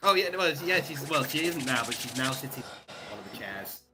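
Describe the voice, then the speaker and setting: A British player at a tabletop game, chatting in an excitable way. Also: mid-range voice, brisk, noisy background. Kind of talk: casual chat at a game table.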